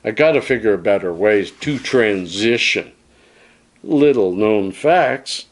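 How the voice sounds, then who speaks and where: Slow-talking man musing to camera. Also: lowish voice, lively intonation. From Canada. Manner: folksy and musing, addresses viewers as friends. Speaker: vlogger. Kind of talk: casual opinion monologue to camera.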